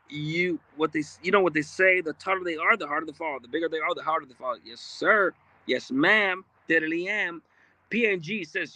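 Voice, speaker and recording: A man's voice: on the high side, a bit bright, dry recording. A man hosting a livestream, reading viewer comments aloud in a blunt, streetwise, casual way with frequent profanity. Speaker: livestream host.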